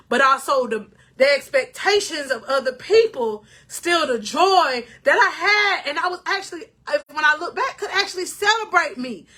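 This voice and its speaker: Bright high-voiced woman life coach. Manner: emotional, preachy, addresses viewers as king or queen. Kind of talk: motivational talk to camera.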